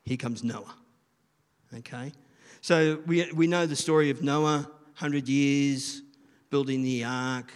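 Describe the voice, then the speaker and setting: A middle-aged man, giving a rambling, chatty sermon and often asking the listeners questions. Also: mid-range voice. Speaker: children's church leader. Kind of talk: informal sermon. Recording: long reverb of a large room.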